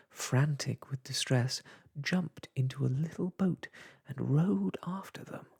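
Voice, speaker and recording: Whispered role-play reader for a bedtime tale: slow, breathy, a touch gravelly. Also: mid-range voice, big pitch swings. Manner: soft, slow whispered reading of an old children's book. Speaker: storyteller.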